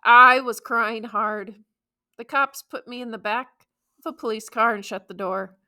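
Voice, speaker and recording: A woman narrating an audiobook in the first person, measured and emotive, stressing key words. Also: on the high side, steady tone, pushed and bright.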